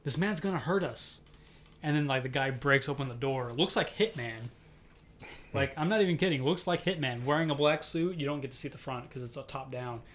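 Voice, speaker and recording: A man co-hosting a casual podcast who tells stories in an animated way and acts out the quoted lines. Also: mid-range voice, brisk, slight background noise. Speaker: podcast co-host. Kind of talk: casual chat.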